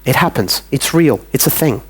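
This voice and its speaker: A man's voice: mid-range voice, animated, moderate pace, fairly bright tone, slightly rough. A man with an Australian accent preaching a sermon in a church, talking plainly and acting out little dialogues with God.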